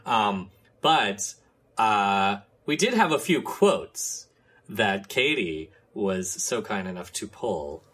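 A man co-hosting a casual podcast, chatty and rambling with a husky edge to his voice. His pitch swoops all over as he talks, and he keeps stopping and restarting his thoughts. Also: lively intonation, takes it slowly, fairly bright tone. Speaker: podcast co-host.

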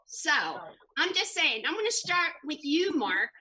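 A brash, teasing woman from Kentucky who hosts a podcast. Her voice sits high and swoops all over, with a bright, forceful edge as she talks over her guests. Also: sing-song, measured pace, poor audio. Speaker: podcast host. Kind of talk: rowdy podcast banter.

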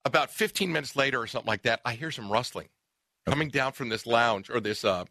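Bright-voiced man telling a story. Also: mid-range voice, quick pace, dry recording, studio quality. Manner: animated storyteller, repeats himself for effect. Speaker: radio show co-host. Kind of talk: casual chat, telling an anecdote.

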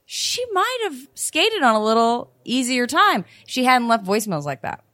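A woman's voice: fairly high pitch, very animated, moderate pace, sharp tone, no echo, studio quality. A woman co-hosting a true crime podcast, talking bluntly and with plenty of profanity. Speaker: podcast co-host.

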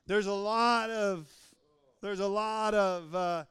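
A man delivers a joking sermon in a high, smooth, resonant voice. He repeats lines for emphasis and slips into other voices to act out little scenes. The sound is close and dry. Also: steady tone, slow, a bit bright, dry recording. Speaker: preacher. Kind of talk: humorous sermon.

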